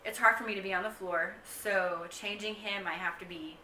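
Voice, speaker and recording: A woman's voice: medium pitch, steady tone, normal speed, bright, forceful tone, distant mic, slight background noise. A young woman vlogging a casual pregnancy update to camera, chatty and rambling with lots of ums. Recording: echoey room, mic set back.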